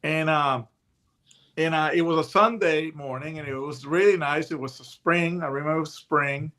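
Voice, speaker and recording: A man in his sixties spins a yarn as a guest, his voice sitting high for a man. The tone is bright and forceful. He tells it casually and throws himself into the other people's voices in his stories. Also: normal speed. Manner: animated storyteller who acts out voices in his tales. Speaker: guest, retired hostage negotiator. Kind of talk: casual anecdotal storytelling.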